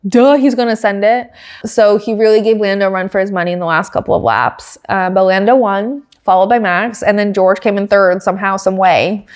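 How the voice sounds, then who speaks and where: A woman hosting a podcast, recapping a race in a casual, excitable way with lots of filler words. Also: mid-range voice, brisk. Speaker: podcast host.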